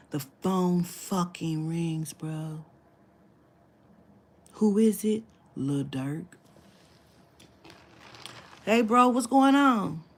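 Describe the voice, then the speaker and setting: A woman's voice: lowish voice, gravelly, warm tone, husky. A woman telling a long story in casual talk, acting out the quoted dialogue, swearing freely and dropping into whispers. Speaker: spiritual reader telling a client story.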